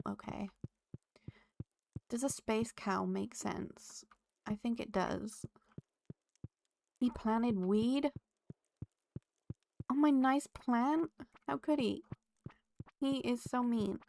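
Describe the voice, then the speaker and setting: A woman's voice: mid-range voice, slow, vocal fry, a little mellow, a little hiss or hum. A woman streaming a farming game, chatting casually with her viewers and laughing often. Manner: chatty, giggly, talks to chat and the game. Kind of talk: casual live-stream chat while playing.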